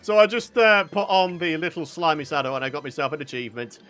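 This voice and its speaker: A man hosting a gaming video, giving excitable let's-play commentary, talking to himself and breaking into loud outbursts and laughs. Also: fairly high pitch, quick pace, soft background music.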